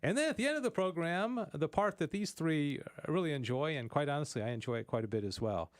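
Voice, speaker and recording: A man's voice: a little high, animated, fast talker, no room sound, clean studio sound. A man hosting a faith talk show, chatty and often laughing, who repeats words as he talks. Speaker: host. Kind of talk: casual studio chat.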